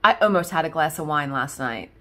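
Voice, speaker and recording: A woman's voice: low-pitched, expressive, fairly quick, a bit bright. A woman chatting casually to viewers as she works on a craft, rambling with lots of fillers and laughs. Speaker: craft video host. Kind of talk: casual chat while crafting.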